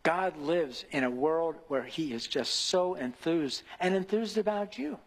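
A man preaching an earnest devotional sermon in a slightly high, husky voice, building to emphatic questions. A long reverb trails behind every phrase, as if in a large hall. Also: lively intonation, unhurried.

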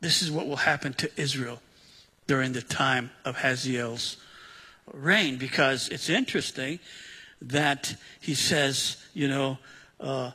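A man preaches an expository sermon, chatting with his congregation between verses. His voice is bright and a little husky. It carries a long reverb from the church hall around him. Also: medium pitch, a little slow. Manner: conversational, animated Bible teaching with asides. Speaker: pastor.

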